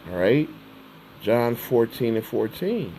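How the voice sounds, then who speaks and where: A man giving an informal sermon, reading scripture slowly and then retelling it in everyday words, often checking in with "all right?". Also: medium pitch, very animated, mellow, a little hiss or hum, poor audio. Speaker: preacher.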